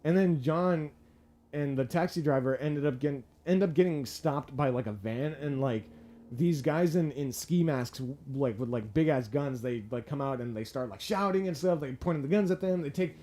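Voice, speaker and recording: Man, casual film review, excitable, profane, filler-heavy, slightly high-pitched. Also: normal speed. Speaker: movie reviewer.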